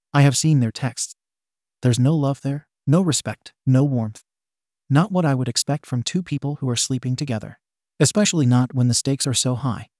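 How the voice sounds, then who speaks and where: A man narrating online posts in the first person, reading in a steady, even way. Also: mid-range voice, no room sound, studio quality. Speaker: story narrator.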